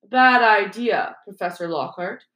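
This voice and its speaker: A woman's voice: medium pitch, unhurried, sharp tone. A woman doing a sneering cold male teacher. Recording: roomy echo.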